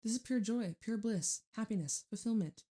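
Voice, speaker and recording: A woman's voice: fairly high pitch, normal speed, mellow. A woman doing a casual tarot reading, chatty, laughing often and swearing freely. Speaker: tarot reader.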